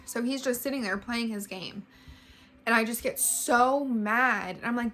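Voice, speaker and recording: A woman's voice: a little high, fairly even intonation, moderate pace, fairly bright tone. A woman in her twenties telling a personal story on her vlog, candid and swearing, acting out what people said. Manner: candid, swears freely, acts out quoted dialogue. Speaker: vlogger.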